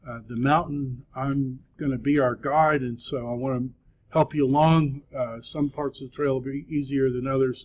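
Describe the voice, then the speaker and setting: A man teaching a Greek class, speaking patiently and encouragingly, with frequent pauses. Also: medium pitch, a little mellow. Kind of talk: classroom lecture. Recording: dull lo-fi classroom recording.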